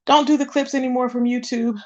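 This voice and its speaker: A woman's voice: sits high, steady tone, a little fast, a little mellow, muffled recording. A woman hosting a casual livestream, greeting viewers and chatting while she searches her screen. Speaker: livestream host.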